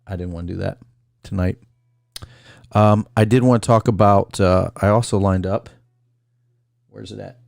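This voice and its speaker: A man's voice: on the low side, steady tone, moderate pace, creaky, pauses often, a little mellow, dry recording, studio quality. A man hosting a casual call-in livestream, rambling through a list and greeting viewers by name. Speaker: call-in show host.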